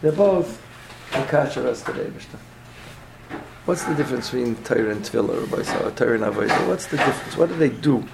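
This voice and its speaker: A man's voice: mid-range voice, animated, fast, creaky, noisy background. A man teaching a Torah class, asking questions and answering them himself. He repeats his points, checks in with a frequent "yeah?", and mixes Hebrew and Yiddish terms into his English.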